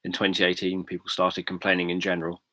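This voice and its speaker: Very low, flat-voiced British man. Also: dry recording. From Britain. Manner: calm, measured, thoughtful explaining with frequent ums. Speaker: livestream host, sleep story narrator. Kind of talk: casual livestream chat.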